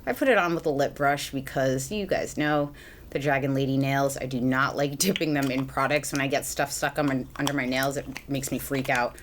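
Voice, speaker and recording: A chatty woman in her thirties from the US talks through her makeup routine at home, rambling with fillers and self-deprecating laughs. Her voice sits low for a woman. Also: fairly even intonation, fairly quick, slight background noise. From United States. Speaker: beauty vlogger. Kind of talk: chatty get-ready-with-me vlog. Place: home, at a mirror, indoors.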